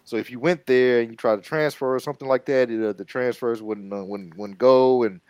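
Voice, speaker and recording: Casting note: male podcast co-host, middle pitch, dry close sound, lots of ums and uhs. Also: fairly even intonation, a little fast, a little mellow, smooth, no room sound. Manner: hesitant, many fillers. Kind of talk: casual podcast chat.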